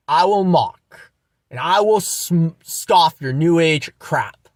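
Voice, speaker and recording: A man's voice: a little high, no echo. A young man hosting his own channel, delivering an angry, mocking, profanity-filled rant full of repeated lines. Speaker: channel host. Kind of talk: ranting monologue vlog.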